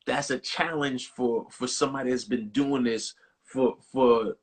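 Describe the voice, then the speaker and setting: Co-host, middle-aged man, husky mid-pitched voice, calm and reflective. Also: a little slow. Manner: steady listener, affirming, reflective. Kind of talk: casual chat.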